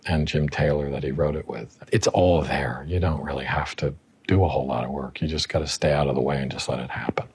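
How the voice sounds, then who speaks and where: Low husky-voiced middle-aged man. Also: steady tone, fairly quick. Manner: chatty and self-mocking, laughs often. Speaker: actor recalling past roles. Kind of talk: casual interview recollection.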